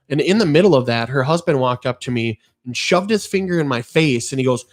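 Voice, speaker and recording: A man's voice: medium pitch, lively intonation, fairly quick, few pauses. A middle-aged man hosting a podcast, talking in an earnest, rambling way and telling stories with animation. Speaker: podcast host. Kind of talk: casual podcast chat.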